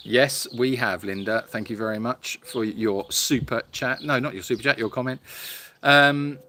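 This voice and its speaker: A tired, hot man hosting a casual live stream from an animal sanctuary on his phone, rambling and halting with many fillers while answering viewers. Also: medium pitch, bright, forceful tone, a little hiss or hum. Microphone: phone held for a live stream.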